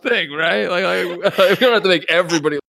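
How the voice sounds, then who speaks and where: A man's voice: sits high, a little fast, vocal fry, fairly bright tone. A man co-hosting a casual show, giving his chatty take and often laughing between thoughts. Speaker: podcast co-host. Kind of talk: casual chat.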